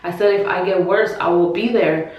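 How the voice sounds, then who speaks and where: A woman's voice: on the low side, fairly even intonation, normal speed, highs cut off. Chatty woman in a very echoey room. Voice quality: chatty, filler-heavy, many restarts and acted quotes. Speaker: vlogger. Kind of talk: casual personal storytelling to camera.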